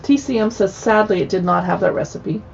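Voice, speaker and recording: A woman's voice: mid-range voice, a little fast, creaky, dull audio, crowd noise. A woman hosting a casual livestream chat, chatty and playful with joking asides. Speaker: livestream host.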